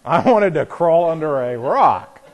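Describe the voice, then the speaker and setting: Male pastor, sermon delivery, somewhat high voice with wide swings in pitch. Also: measured pace. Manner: animated preaching with storytelling and rhetorical questions.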